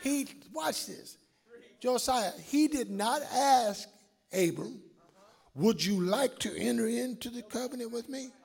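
A man preaching a sermon as pastor, calling on the congregation to answer back and swinging between shouts and hushed asides. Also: extremely high pitch, animated, slow, creaky, husky. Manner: preaching with call-and-response to the congregation.

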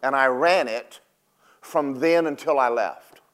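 An older man preaching a sermon, rising loud and high on key points, then dropping low and quiet to tell stories. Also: slow pace.

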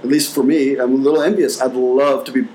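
A young man on a casual sports podcast, playful and quick with wisecracks. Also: mid-range voice, steady tone, mellow, a little hiss or hum, rough recording. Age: young adult.

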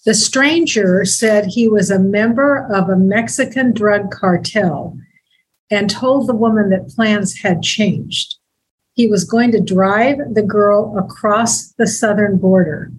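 Woman, deputy district attorney, measured and grave delivery, faint background noise. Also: medium pitch, poor audio. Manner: measured, reads aloud slowly and gravely. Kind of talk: public-service talk segment.

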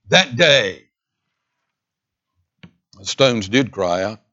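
Brief: male pastor, emphatic sermon delivery, dramatic pauses, middle pitch, slightly muffled church recording. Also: lively intonation. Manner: emphatic, dramatic pauses, swings between loud and hushed. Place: church sanctuary.

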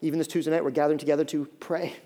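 Man preaching, fairly high voice, emphatic and pleading, drops to soft low stretches, pastor delivering a sermon. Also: level tone, very fast. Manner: emphatic preaching that swings between loud pleas and soft low passages.

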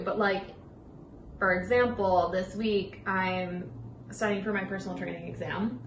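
A woman's voice: medium pitch, fairly even intonation, measured pace. A young woman co-hosting a podcast in casual chat, talking loosely with many fillers and frequent laughs. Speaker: podcast co-host. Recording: roomy, slightly distant mic with faint room noise.

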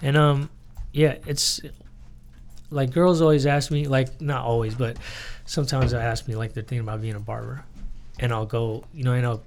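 Young woman host, inquisitive, stammering, fairly low voice for a woman, faint hiss. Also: steady tone, moderate pace, darkish tone. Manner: curious, asks lots of questions, stammers. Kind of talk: casual podcast chat.

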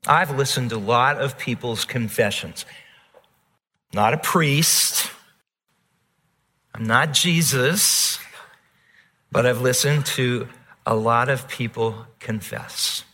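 A male pastor preaching a sermon, earnest and repetitive, dropping soft and then rising emphatic. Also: mid-range voice, long reverb tail.

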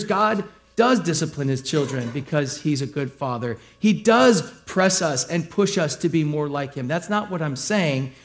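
A middle-aged male pastor giving a sermon in a conversational, joking way, with lively acted asides. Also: fairly high pitch.

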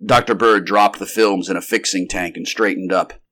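A man giving an unrehearsed, steady, measured reading of a vintage science fiction story. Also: low voice. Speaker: narrator.

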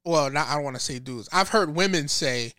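A man's voice: on the high side, a little fast, pushed and bright, clear, resonant tone, no room sound. A man co-hosting a podcast in casual debate, arguing his point, repeating phrases and acting out quotes, on a close mic. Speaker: podcast co-host.

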